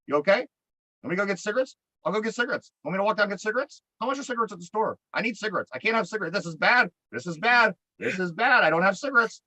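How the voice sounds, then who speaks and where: A man imitating a wired friend, jittery, repetitive, higher voice, dry close sound. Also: expressive, rapid-fire, bright, forceful tone, no echo, full character voice, rough recording. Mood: anxious rambling. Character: wired sleepless man rambling about cigarettes.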